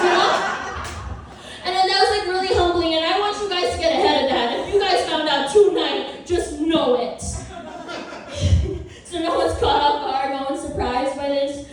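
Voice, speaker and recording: A woman's voice: high voice, slight background noise. A young woman in her twenties doing a stand-up comedy set, with a playful, self-mocking, chatty manner. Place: comedy club with live audience. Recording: roomy, distant live club recording.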